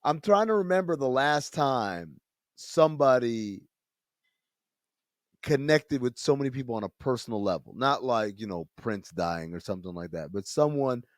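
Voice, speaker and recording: Male podcast co-host, animated pitch, relaxed halting chat, no room sound. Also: dry recording, studio quality. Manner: casual, halting, repeats words as he thinks.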